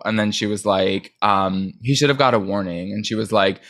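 A man co-hosting a podcast, recapping a reality show in fast, animated casual chat full of filler words. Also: on the low side. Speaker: podcast co-host.

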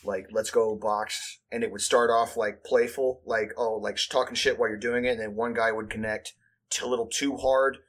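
Husky man telling rowdy school stories. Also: lowish voice, little pitch movement, moderate pace, a bit bright. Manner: rambling, profane, lots of "like" fillers, acts out quotes. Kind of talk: casual storytelling chat.

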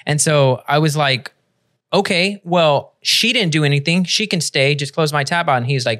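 A man hosting a casual podcast, telling a story in an animated, profane way and laughing as he goes. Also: fairly high pitch, moderate pace. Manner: animated, profane storyteller who laughs through his stories. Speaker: podcast host.

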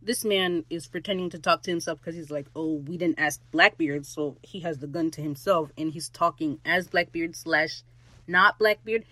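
A podcast host rants alone into a close mic, excitable and gushing, with a voice in the middle range. They swear freely and jump from loud squeals to low muttered asides. The sound is dry, with no room around it. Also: normal speed, no room sound. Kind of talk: solo episode recap, casual rant.

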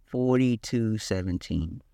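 A man's voice: fairly low pitch, slow pace, vocal fry, dark tone, no room sound, clean studio sound. A man co-hosting a sports podcast in casual chat, emphatic and given to repeating his points, with frequent restarts. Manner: emphatic, repeats key words, restarts often. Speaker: podcast co-host.

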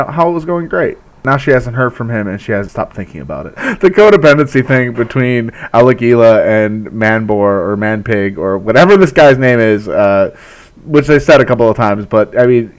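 A man casually recapping a TV episode, chatty, with frequent laughs and filler words. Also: lowish voice. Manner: chatty, laughs often, many filler likes. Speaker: recap host.

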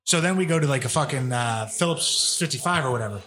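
A man's voice: medium pitch, expressive, quick pace, pushed and bright, a little hiss or hum. A man, a professional wrestler, telling rambling, profanity-laced stories as a podcast guest. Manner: profane, rambling, laid-back storyteller. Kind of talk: casual podcast storytelling.

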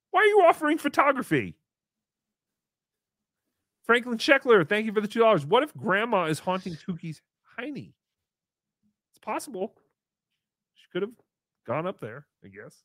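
A man's voice: high voice, big pitch swings, moderate pace, pauses often, a bit bright, dry recording, clean studio sound. A man hosting a comedy podcast, rambling in a goofy, joking way. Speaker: podcast host.

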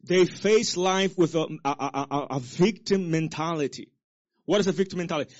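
A male pastor preaching a sermon with call-and-response to the congregation, swinging between loud exhortation and soft low asides. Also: moderate pace. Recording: dull lo-fi sermon recording.

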